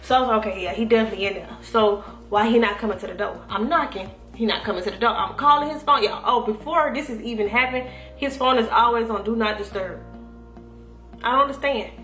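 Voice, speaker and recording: A young woman telling a profane, animated story to her viewers, quoting herself and her friends as she goes. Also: a little high, a little fast. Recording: echoey room with faint music.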